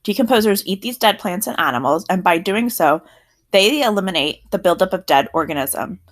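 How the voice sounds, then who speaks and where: A woman teacher explaining a science lesson to her students, slowing down when she tells them what to write in their notes. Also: mid-range voice, expressive.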